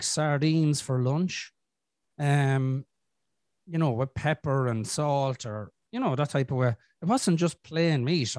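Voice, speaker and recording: A man's voice: on the high side, a little mellow, no room sound, clean studio sound. A man hosting a podcast, telling his own story in a candid, casual way and swearing often. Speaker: podcast host. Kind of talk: casual conversation.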